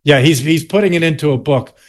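Older man, Southern US accent, fairly high pitch, lecturing interview guest. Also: brisk. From South Carolina. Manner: lecturing with restarts and pointed asides. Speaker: history teacher guest. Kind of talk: explanatory interview talk.

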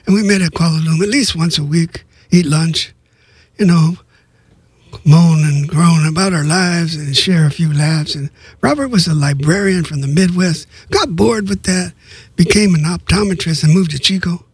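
Give me a husky older man reading his memoir, chatty asides, dry room. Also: a little high, moderate pace, no echo. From Southern California. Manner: conversational, with asides and fillers. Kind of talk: reading aloud from his book.

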